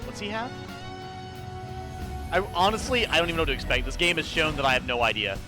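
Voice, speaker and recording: A young man commentating casually on a blind let's play, excitable, profane and sarcastic. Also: a little high, fast, over music. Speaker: gaming streamer.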